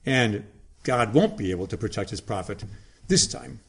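A man's voice: fairly low pitch, expressive, moderate pace, gravelly, a bit bright, husky, voice pushed down, heavily acted. A man voicing a boastful, scheming king while retelling a story in a sermon, in a smug, boastful tone. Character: scheming, boastful male king of ancient times.

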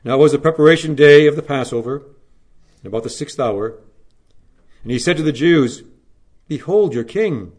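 With a slightly high voice, a pastor reads scripture aloud for Good Friday before moving into an earnest, measured sermon marked by dramatic swells and hushed drops.

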